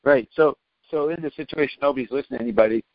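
A man asking slow, probing questions in a podcast discussion. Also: mid-range voice, dry recording, muffled recording.

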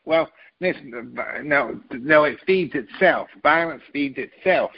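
Gravelly husky man rambling emphatically. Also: fairly high pitch, slow, dull audio. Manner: rambling, emphatic, spells out words to make a point. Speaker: political commentator. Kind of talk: casual talk-show opinion.

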